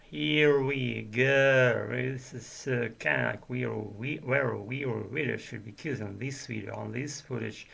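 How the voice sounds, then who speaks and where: Gravelly murmuring man with a Russian accent. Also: mid-range voice, moderate pace, few pauses, fairly bright tone. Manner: murmuring, hesitant, many restarts. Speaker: language learner vlogger. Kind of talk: rambling monologue to camera.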